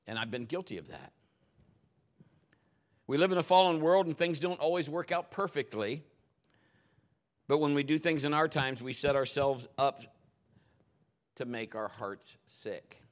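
A man preaching a sermon, telling stories in a jokey, animated way. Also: on the high side, measured pace, long pauses.

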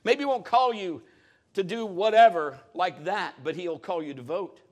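Brief: middle-aged male pastor, higher voice, storytelling sermon with animated peaks. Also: moderate pace.

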